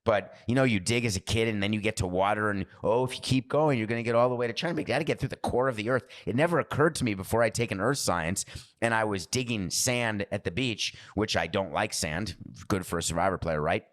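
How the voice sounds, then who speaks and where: Male podcast host, lowish voice, rambling monologue, self-interrupting. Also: fast talker. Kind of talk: casual monologue.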